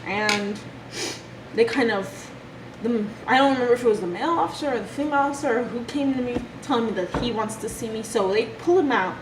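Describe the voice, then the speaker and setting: A young woman telling a personal story from her childhood in a halting, emotional way. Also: a little high. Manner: emotional, halting retelling with restarts. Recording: echoey room with background noise.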